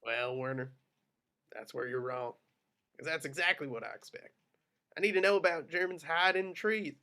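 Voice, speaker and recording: A man's voice: on the high side, moderate pace, pauses often, sharp tone, smooth. A man reading a hard-nosed officer's lines in an amateur script reading, drawling and menacing. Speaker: reader of Aldo.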